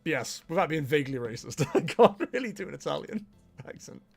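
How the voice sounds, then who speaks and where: A young man talks casually to his stream, his voice a touch high and swinging widely up and down. He laughs a lot and pokes fun at himself, with faint music playing underneath. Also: very animated, a little fast, vocal fry, slightly rough. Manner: chatty, laughs often, self-mocking. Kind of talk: casual livestream chat while playing.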